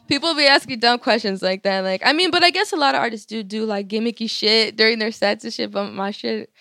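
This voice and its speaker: A woman's voice: a little high, fast talker, few pauses, sharp tone, dry recording. A young woman, a musician guest, telling stories in a casual, profane way full of filler words. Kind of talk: casual interview storytelling.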